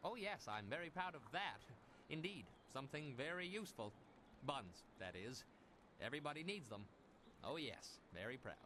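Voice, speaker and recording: An actor playing a henpecked middle-aged ex-fighter turned bun maker, wry and self-pitying in a game. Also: male voice, a little high, sing-song, moderate pace, noisy background. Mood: proud. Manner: wry, self-pitying, proud of small things. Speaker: game character.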